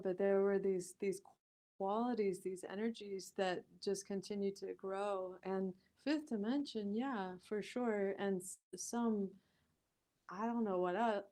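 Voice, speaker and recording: Laughing, animated woman telling a story. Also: mid-range voice. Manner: animated, laughing often, acting out quoted voices. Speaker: podcast guest. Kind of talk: storytelling in a conversational interview.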